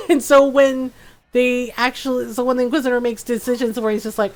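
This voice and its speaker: Woman streamer, higher-pitched, casual running commentary, quick to laugh and mimic characters. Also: flat delivery. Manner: chatty, laughs often, mimics characters mockingly. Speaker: game streamer. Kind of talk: casual commentary while playing.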